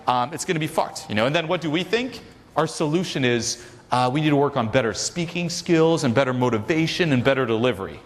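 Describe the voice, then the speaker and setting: A man leading a seminar, coaching a live audience in a loud, profane, energetic way. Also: fairly high pitch, brisk. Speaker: seminar leader. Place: large hall with a live audience. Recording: echoey hall with crowd noise.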